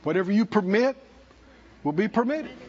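A man preaching a sermon as pastor, calling for responses from the congregation and rising to shouts. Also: high-pitched, animated, moderate pace, slightly rough. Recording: dull lo-fi sermon recording.

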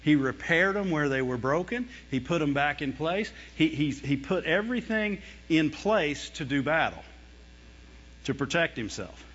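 A man preaching a sermon in a voice that sits a bit high for a man. He is animated and expressive, acting out whiny and fearful voices and breaking into laughs. The sound is dull and lo-fi. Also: unhurried, breathy edge, long reverb tail.

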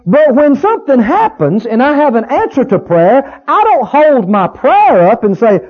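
A man's voice: very high-pitched, big pitch swings, moderate pace, hardly any pauses, slightly rough, lo-fi sound. A man preaching a sermon in a church, emphatic, repeating key words and rising on exclamations. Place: church sanctuary.

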